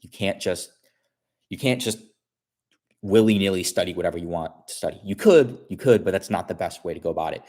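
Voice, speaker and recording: A man's voice: deep voice, steady tone, brisk, darkish tone. A man casually telling a long story on his stream. He repeats himself and restarts his sentences often. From Chicago area.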